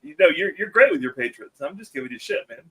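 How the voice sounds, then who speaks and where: A man's voice: high voice, very animated, fast, pushed and bright. A man in a casual podcast chat who teases the host and has the hiccups. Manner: teasing, joking.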